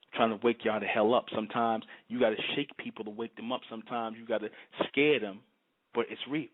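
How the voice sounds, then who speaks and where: A fervent man talks in a low voice, emphatic and repetitive. He keeps asking if you understand. The sound is thin and tinny, like a phone line. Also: fairly even intonation, brisk. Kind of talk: fervent monologue to camera.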